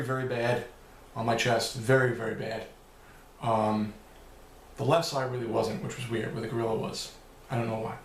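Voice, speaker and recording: A man's voice: mid-range voice, reverberant, a little hiss or hum. A man answering viewer questions in a loose, rambling vlog, swearing now and then. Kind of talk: casual Q&A vlog.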